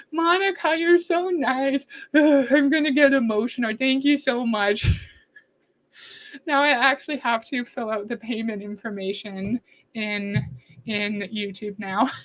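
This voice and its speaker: A woman hosting a livestream, reacting to a video in casual talk and chatting with viewers as she reads their comments. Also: a little high. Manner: chatty, answers chat comments and thanks viewers warmly.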